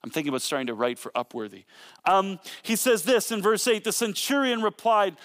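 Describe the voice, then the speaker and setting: Male pastor, high-pitched, dramatic storytelling sermon delivery. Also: animated, fairly quick, a bit bright. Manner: dramatic storytelling, acting out quotes.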